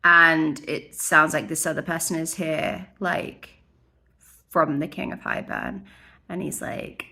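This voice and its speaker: A woman's voice: low voice, takes it slowly, bright, forceful tone. A young woman recapping a fantasy novel in a casual, sweary chat, full of wry asides. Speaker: book vlogger.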